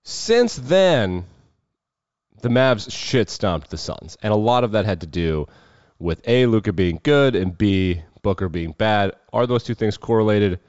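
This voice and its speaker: Low-voiced guy doing sports talk, dry dull lo-fi sound, kinda sardonic. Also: lively intonation, a little slow, a little mellow, no echo. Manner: off-the-cuff, wry and sardonic. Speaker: sports show host. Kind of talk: casual sports commentary.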